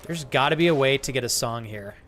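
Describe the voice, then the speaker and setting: A man's voice: mid-range voice, fairly quick, a bit bright, faint music behind. A man live-streaming a game, joking crudely with chat and thanking viewers as he plays. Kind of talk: live gaming stream banter.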